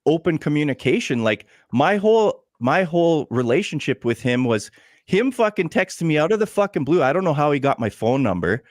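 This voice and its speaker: A man's voice: a little high, very animated, brisk, dry recording, clean studio sound. Aggrieved, swearing podcast host man. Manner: aggrieved, heavy swearing, blunt. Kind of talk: casual uncensored podcast chat.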